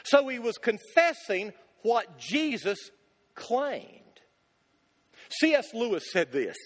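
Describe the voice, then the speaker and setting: A man delivering a sermon in a high voice that rises and falls with lively swings. He presses his points with rhetorical questions and repeated lines, and his voice rings out with the long reverb of a church sanctuary. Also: slow. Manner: emphatic, builds with rhetorical questions and repetition. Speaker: pastor.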